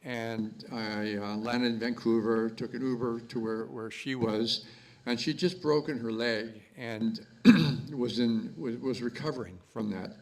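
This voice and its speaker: A man from Canada speaking at his mother's memorial, halting and repeating words with many fillers. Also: medium pitch, poor audio. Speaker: son giving a eulogy. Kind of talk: memorial speech.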